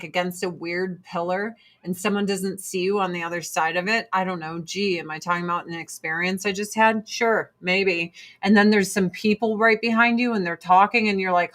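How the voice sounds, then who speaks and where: A woman's voice: medium pitch, a bit bright. A woman vlogger ranting to camera in a blunt, profane, exasperated way while doing her makeup. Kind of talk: casual ranting chat to camera.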